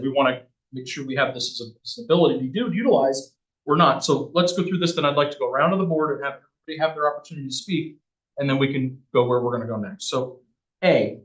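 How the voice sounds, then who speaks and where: A man chairing a town planning board meeting, brisk and reading out agenda items. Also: on the high side, fairly bright tone. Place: municipal meeting room. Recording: echoey meeting room.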